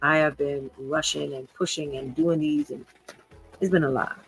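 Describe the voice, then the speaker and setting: Speaking off the cuff on her own live podcast, a woman in her fifties is emotional and earnest, often repeating herself. She has a deep, steady voice with a breathy edge at normal speed, heard through a rough recording.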